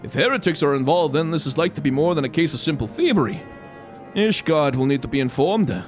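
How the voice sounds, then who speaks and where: Earnest male commander, animated pitch, faint music behind, read by a gamer. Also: brisk, natural voice.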